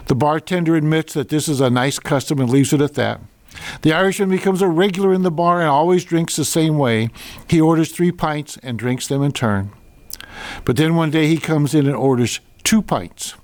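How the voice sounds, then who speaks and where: A man's voice: a little high, moderate pace, no echo. An older man hosting a podcast, reading jokes and a children's story aloud with chatty asides and small stumbles.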